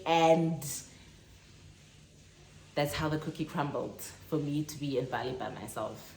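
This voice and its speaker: A young South African woman telling a lively travel story in a casual vlog, acting out the dialogue as she goes. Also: sits low, a little slow, pauses often, roomy sound, slight background noise. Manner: animated storytelling, acts out dialogue. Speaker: vlogger. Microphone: phone on tripod.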